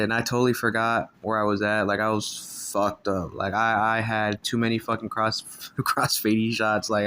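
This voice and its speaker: A male storyteller vlogger with a fairly low, slightly bright voice tells a casual storytime. He is laid-back, swears constantly, and laughs between lines.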